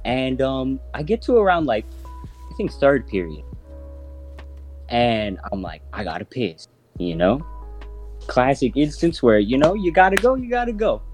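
A man in his twenties hosts a podcast and tells a story in a loose, profane way, slipping into voices for the people in it. His pitch swings widely and his voice sits in the middle register for a man. Faint music plays underneath. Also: a little slow, long pauses. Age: 20s. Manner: profane, animated, acts out voices in his stories. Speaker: podcast host. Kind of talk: casual storytelling.

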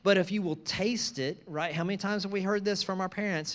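A man preaching a sermon, moving from conversational asides to loud, emphatic repeated phrases. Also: sits high, steady tone, a little fast. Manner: conversational asides between scripture lines. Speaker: pastor.

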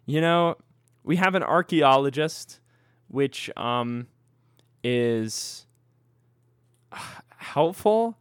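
A man's voice: animated, drawn-out words, pauses often, smooth, dry recording, clean studio sound. Laughing, rambling man co-hosting a podcast. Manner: rambling, laughs often, pitches jokey ideas. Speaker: podcast co-host. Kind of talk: casual comedic chat.

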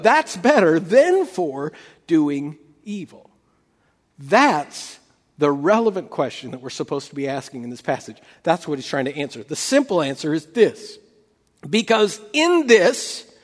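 Male pastor, sermon delivery; high, very lively pitch; storytelling with repeated starts; reverberant hall sound. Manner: storytelling with animated quoted voices and many restarts.

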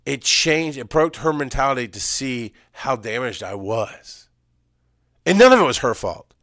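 Guy telling a raw story, goes loud then real quiet, mid voice, dry. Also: medium pitch, lively intonation, dry recording. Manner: intense, swings from loud urgent emphasis to hushed, halting recall. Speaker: speaker sharing personal story. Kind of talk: emotional personal testimony.

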